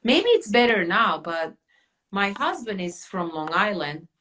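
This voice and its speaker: Bright-voiced chatty woman host. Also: medium pitch, very animated, unhurried. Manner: chatty, many fillers and restarts. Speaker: podcast host. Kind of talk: casual chat.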